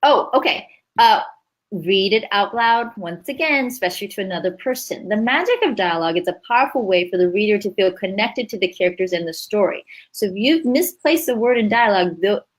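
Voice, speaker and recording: A woman's voice: mid-range voice, lively intonation, brisk, poor audio. A woman leading a writing workshop in a chatty, upbeat way, laughing easily as she explains. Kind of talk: casual teaching chat.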